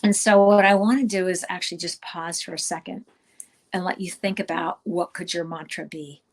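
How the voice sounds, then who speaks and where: A woman's voice: lowish voice, steady tone, normal speed, husky. A middle-aged woman giving a virtual conference talk, speaking conversationally with frequent fillers and restarts.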